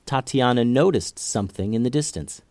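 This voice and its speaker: A man hosting a children's podcast, narrating a story in a gentle, expressive way. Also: mid-range voice, moderate pace, no echo.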